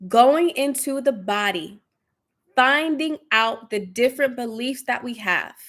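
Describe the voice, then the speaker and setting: A woman's voice: fairly high pitch, expressive, unhurried, fairly bright tone. A young woman, a spiritual coach, leading a guided meditation and then talking to her livestream viewers in a soothing, affirming way, often repeating phrases. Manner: reads out viewer comments.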